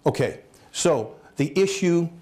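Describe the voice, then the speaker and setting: Animated comic storyteller, a man. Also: a little high, slow pace. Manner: animated, jokey, acts out voices. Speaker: guest speaker. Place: lecture hall at a college.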